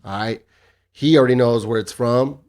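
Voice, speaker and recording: A man's voice: medium pitch, normal speed, darkish tone. A man in his thirties hosting a solo podcast, swearing freely and ranting in a cocky, casual way. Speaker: podcast host.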